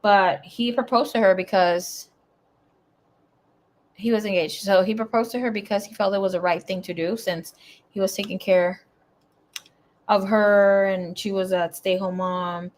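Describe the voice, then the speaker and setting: A woman's voice: mid-range voice, fairly even intonation, unhurried, pauses often. Chatty swearing woman tarot reader. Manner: chatty, swearing, rambling asides; swings between loud bursts and quiet mumbling. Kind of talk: casual live tarot reading.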